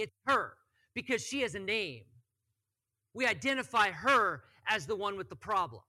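Young guy pastor, high-ish voice, super bright, casual joking sermon w lots of "like". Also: lively intonation, normal speed. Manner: chatty, joking, peppered with "like".

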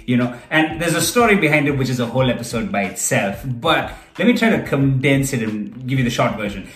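A man's voice: medium pitch, brisk, few pauses, a bit bright, reverberant, soft background music. A man in his thirties who grew up in Kuwait, hosting his own podcast in a chatty, self-deprecating way. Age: 30s. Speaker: podcast host. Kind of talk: casual solo podcast talk.

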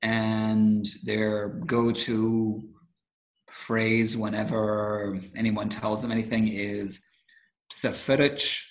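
A man who grew up in the Gulf states chats casually, rambling through stories of his childhood there with lots of fillers and restarts. His low voice barely changes pitch and moves extremely slowly, and the audio is poor.

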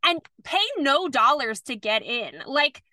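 A young woman co-hosts a podcast, talking in a loose, rambling way as a sympathetic listener. Her voice is high and bright. The sound is dry and close. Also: very animated, unhurried, no echo. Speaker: podcast co-host. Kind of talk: casual chat.

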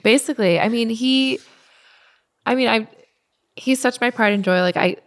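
A woman in her thirties, a guest telling stories in casual, animated chat, often restarting her sentences. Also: fairly high pitch, moderate pace. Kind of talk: casual conversational storytelling.

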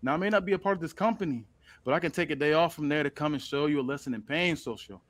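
A man voicing a furious, cocky male wrestler who issues a threatening challenge, pushing his voice high without managing any accent. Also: fast talker, no room sound, lightly acted. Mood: angry, taunting. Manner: high and strained, no real accent.

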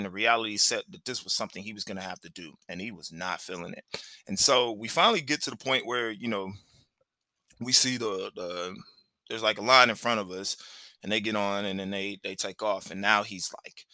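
A lowish male voice with a sharply bright, forceful edge, heard very dry and close. He is a podcast host telling a personal story, rambling casually and sprinkling in plenty of "like" and "you know.". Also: dry recording. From Cleveland, Ohio, USA. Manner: loose and conversational, full of "like" and "you know".

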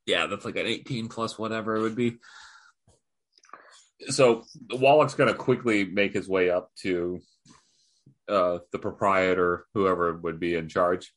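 A man's voice: sits low, steady tone, a little slow, fairly bright tone. A man playing a tabletop game, casually describing his character's moves and asking questions. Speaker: player.

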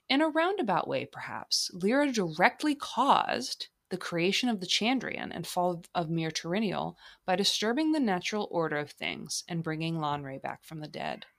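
A young woman with a slightly low voice hosts her own podcast in a loose, chatty way. She jokes at her own expense, leaves her slips in and sounds a little tipsy. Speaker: podcast host. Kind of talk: casual solo podcast monologue.

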